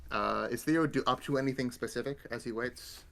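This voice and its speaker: A man narrating as game master of a tabletop role-play, halting with many ums and uhs. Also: mid-range voice, vocal fry, fairly bright tone.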